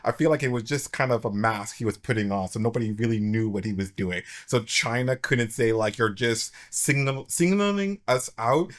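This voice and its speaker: A man's voice: lowish voice, fairly quick, few pauses. Rambling man hosting a casual chat. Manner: rambling, many fillers and restarts. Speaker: podcast host.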